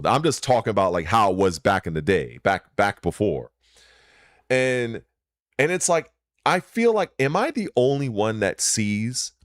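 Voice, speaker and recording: A man hosting his own channel, delivering a heated, profane rant, swinging between loud emphasis and low muttering. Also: no echo, clean studio sound. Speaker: channel host.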